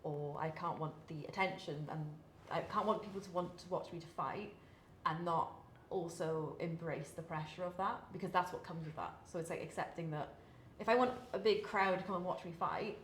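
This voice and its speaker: Speaking at a normal speed in a lowish voice, a young woman from Britain who is a professional athlete gives a candid, chatty interview. She uses many fillers and laughs between thoughts, and the recording has room echo and a faint hiss.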